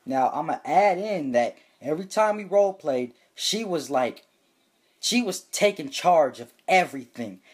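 A young man telling a comedic, profane story for his vlog, reading chat screenshots aloud with loud, animated bursts. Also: fairly high pitch, unhurried, husky.

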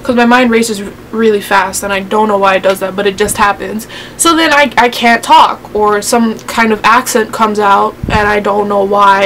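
A sassy teenage girl vlogging about her pet peeves, rambling and getting fired up as she goes. Her voice sits a little on the high side. A faint hiss of noise runs under the recording. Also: a bit bright, rough recording. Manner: sassy, rambling, quick to get worked up. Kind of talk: casual rant to camera.

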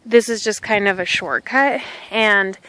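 A woman's voice: mid-range voice, measured pace, sharp tone, rough recording. A woman, chatting casually on a walk outdoors and filming on a handheld phone. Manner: chatty and rambling, talks to her dog. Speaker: vlogger. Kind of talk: casual walking vlog. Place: outdoors on a country path. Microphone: handheld phone camera.

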